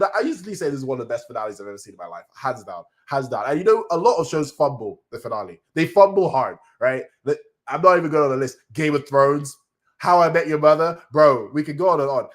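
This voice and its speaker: A man giving a casual live-stream review, excitable and slangy, rambling with many restarts and now and then jumping into high cries when moved.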